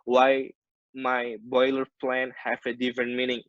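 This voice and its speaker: A man with an Indonesian accent lecturing on maritime English over a video call, in a mid-pitched voice. He works through ship terms and glosses them in Indonesian. The sound is dull and dry, typical of a muffled online meeting. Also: monotone, measured pace, fairly bright tone, no echo. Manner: explains terms by switching between English and Indonesian glosses, many restarts.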